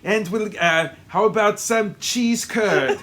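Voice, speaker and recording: A man doing an exaggerated impression of a musclebound action star, talking in a booming, heavily accented, deadpan way. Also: takes it slowly, slight background noise. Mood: mock-earnest.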